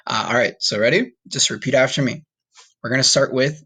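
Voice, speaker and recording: A man teaching a recorded online Spanish lesson, patient and encouraging, saying numbers slowly for students to repeat. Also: mid-range voice, bright, forceful tone, husky. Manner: patient, repeats okay and all right often.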